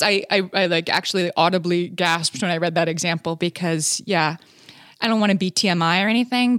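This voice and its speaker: A woman's voice: mid-range voice, dry recording, studio quality. A woman in her forties co-hosting a casual talk, earnest, often repeating words as she thinks and quoting from her reading. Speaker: podcast co-host. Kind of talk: casual conversation.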